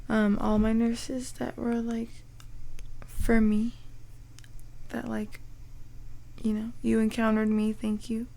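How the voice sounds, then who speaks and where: A young woman hosting a podcast, telling a personal story in a halting way, full of "like" fillers and frequent throat clearing. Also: on the high side, flat delivery, mellow. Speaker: podcast host.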